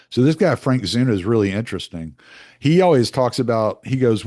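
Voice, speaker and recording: A man's voice: fairly low pitch, brisk. A man talking through his views in a casual, rambling monologue, often restarting his sentences. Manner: animated, rambling, with frequent restarts.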